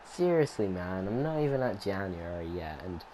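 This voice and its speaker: A young man with a somewhat low voice talks casually over his football game replay. He rambles from point to point, full of ums and restarts. Steady background noise sits under his voice. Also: normal speed, poor audio. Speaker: gaming commentator. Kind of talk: casual gameplay commentary.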